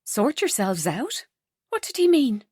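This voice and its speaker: A woman narrator voicing a warm, earnest young heroine with an emotional, bright delivery. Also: on the high side, sing-song, measured pace, breathy edge, no echo, studio quality, voice pushed up, exaggerated voice.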